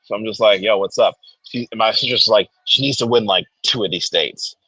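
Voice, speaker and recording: A man's voice: fairly low pitch, brisk, husky, no room sound, rough recording. A young man with a New Jersey accent telling a story in casual chat, acting out what people said. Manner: animated, acts out quoted people. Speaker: guest comic creator.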